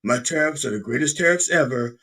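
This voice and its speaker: A man putting on a mocking impression of a boastful, blustering politician, gloating and loud. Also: medium pitch, expressive, a little fast.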